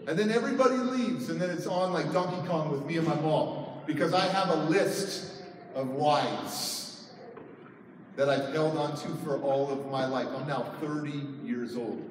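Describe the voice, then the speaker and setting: A man's voice: fairly high pitch, moderate pace, slight background noise. A middle-aged man giving a personal storytelling speech at a conference, emotional, his voice rising sharply when he retells arguments. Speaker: conference speaker. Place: large conference hall. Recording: echoey hall, heard from far off.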